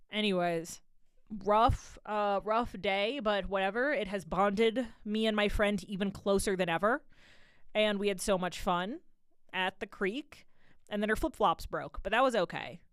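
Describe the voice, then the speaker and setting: A woman's voice: medium pitch, clear, resonant tone, dry recording, studio quality. A young woman DJ chatting casually on her radio show, rambling through stories with laughs in between. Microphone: studio mic.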